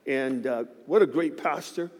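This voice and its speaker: A man in his fifties, a guest pastor, preaching a sermon in a church with lively, joking storytelling. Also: medium pitch, a little slow, long reverb tail. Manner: animated storytelling with joking asides. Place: church sanctuary.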